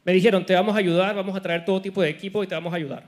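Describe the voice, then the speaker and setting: A man interpreting a sermon live, quickly echoing each phrase of the preacher. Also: high voice, fairly even intonation. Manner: rapid, echoes the preacher's phrasing.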